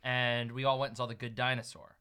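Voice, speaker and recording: Brief: easygoing male host, crisp bright tone, mid pitch. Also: level tone, brisk. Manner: asks questions, joking asides. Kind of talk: casual chat.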